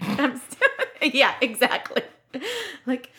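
A woman co-hosts a casual podcast chat, talking in an excitable way and laughing often. Her voice is bright and forceful, sitting at an ordinary pitch. She now and then trips over her words. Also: moderate pace. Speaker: podcast co-host.

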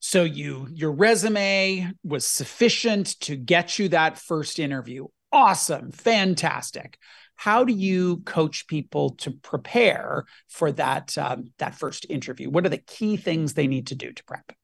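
Interviewer, gravelly voice, chatty questions, playful asides, dry room. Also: mid-range voice, lively intonation, measured pace, no echo. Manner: chatty, asks with asides and jokes.

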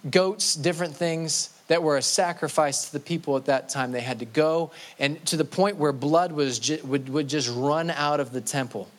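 A man preaching a sermon with a voice pitched a little high. He is earnest and often stumbles, repeating and restarting words. When he quotes scripture he slows down and stresses each word. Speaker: pastor.

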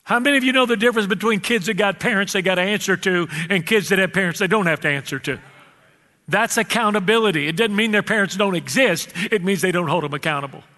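The sermon comes from a male pastor whose voice is high-pitched, bright and forceful, echoing in a reverberant hall. He calls out to the congregation like a preacher and lingers on key words with drawn-out emphasis.

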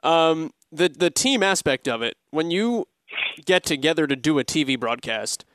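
A man interviewing a guest, asking long questions with halting restarts. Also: fairly high pitch, lively intonation, fairly bright tone, no room sound. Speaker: podcast interviewer.

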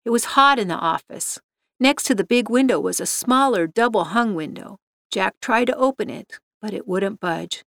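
A woman narrating a story in an even, steady reading manner. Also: a little high, normal speed, dry recording, studio quality.

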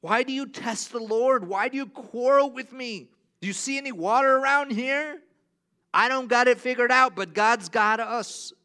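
A man's voice: extremely high pitch, moderate pace, pushed and bright, clean tone, voice pushed up. A man preaching and voicing an exasperated male prophet who scolds a grumbling crowd with pleading rhetorical questions. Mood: urgent.

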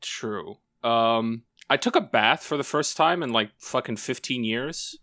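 A man riffs crudely on a casual podcast with his friends. His voice is bright and forceful, and it sits close and dry on the mic. He tells the story in a rambling, profane way. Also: medium pitch, a little slow, no echo. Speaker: podcast co-host.

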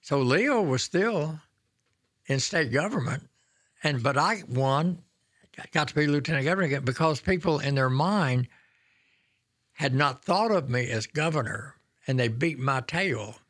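A man's voice: fairly high pitch, expressive, a little slow, a bit bright, no echo, studio quality. A man in his nineties from Oklahoma, a former governor telling folksy, self-deprecating stories as a guest. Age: 90s. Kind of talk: storytelling reminiscence.

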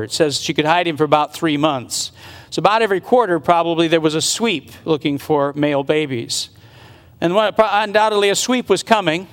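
A man's voice: fairly high pitch, fairly bright tone. A man preaching a sermon, retelling a Bible story earnestly and speculating aloud about what happened. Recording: long reverb of a large hall.

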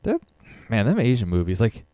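A man's voice: on the low side, huge pitch swings, normal speed, mellow, clear, resonant tone, no room sound, studio quality. A man co-hosting a podcast, chatting loosely with lots of filler words and swearing. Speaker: podcast co-host. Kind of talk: casual chat about movies.

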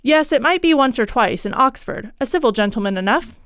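A woman voicing a frightened young gentleman haunted by guilt, in a period ghost story. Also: on the high side, expressive, brisk, smooth, dry recording, studio quality. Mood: dutiful. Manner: anxious, despairing.

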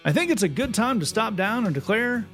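Soft music plays behind a high-voiced podcast host who talks fairly quickly in a casual chat. His tone is mocking and sardonic, and he voices read-out quotes with animation.

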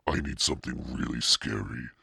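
Deep-voiced guy doing a nervous little girl, stammery, dry close sound. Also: moderate pace, gravelly, sharp tone, slightly rough, dry recording, heavily acted. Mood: anxious. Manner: stammering, pleading. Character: timid determined young girl.

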